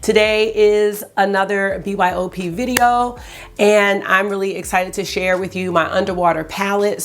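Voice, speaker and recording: A woman hosting her own makeup channel in casual, chatty talk, with a rough morning voice. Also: medium pitch, slight background noise. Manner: chatty and enthusiastic. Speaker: beauty vlogger host.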